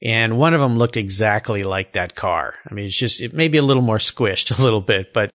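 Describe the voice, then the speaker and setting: A man's voice: fairly low pitch, fairly quick, a bit bright. A man hosting an interview podcast, talking in an enthusiastic, exclaiming way. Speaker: podcast host.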